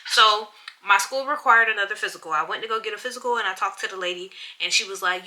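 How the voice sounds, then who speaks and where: Woman, young adult, casual chat, animated storytelling, piercingly bright voice, middle pitch. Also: fast talker. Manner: animated, acts out other people's lines. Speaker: podcast host.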